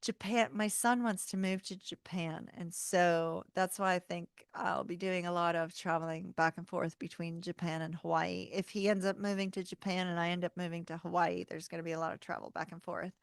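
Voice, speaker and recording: A woman's voice: on the low side, fairly even intonation, fairly quick, hardly any pauses, smooth, dry recording, studio quality. A woman hosting a tarot channel livestream, chatting casually with viewers, laughing often and saying y'all. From North Carolina, US.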